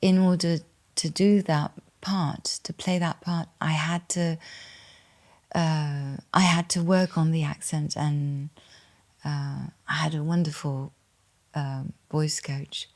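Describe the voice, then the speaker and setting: A French woman in her fifties speaks English with a refined, posh English accent. Her voice sits very low and carries a gravelly fry. She talks slowly and softly, with hesitant pauses. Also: steady tone. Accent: posh English with slight French. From France. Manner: soft, hesitant, many pauses. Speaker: guest. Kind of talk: reflective interview answers.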